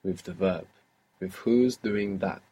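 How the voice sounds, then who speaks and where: A man's voice: sits low, takes it slowly, warm tone, husky. A man teaching a language lesson, patiently prompting a student and praising each answer. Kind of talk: guided audio language lesson.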